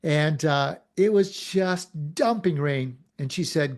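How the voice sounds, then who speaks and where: A man with a fairly high speaking voice delivers a motivational talk to an online audience. He is animated and theatrical, firing rhetorical questions and acting out short quotes in between. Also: takes it slowly. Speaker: motivational speaker and show host.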